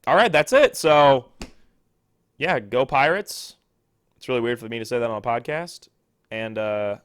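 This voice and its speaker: A young man hosting a solo sports podcast, rambling excitably and poking fun at himself. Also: medium pitch, clear, resonant tone, no room sound, studio quality. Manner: rambling, excitable, self-deprecating. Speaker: podcast host.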